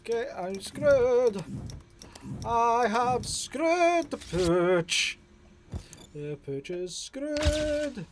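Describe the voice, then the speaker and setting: A man's voice: very high voice, very animated, very slow. A man commentating his horror game playthrough, jumpy and self-mocking, talking to himself as he plays. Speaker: gaming let's-play creator. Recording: loud game noise and sirens behind the voice. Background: loud game sound with sirens.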